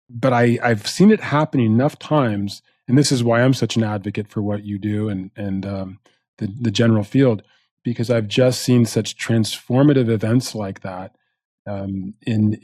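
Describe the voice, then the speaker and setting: Low-voiced male podcast host. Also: darkish tone, dry recording, clean studio sound. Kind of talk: interview conversation.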